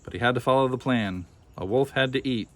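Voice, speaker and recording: A man reading a children's picture book aloud with expressive, animated storytelling. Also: mid-range voice, brisk. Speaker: storybook reader.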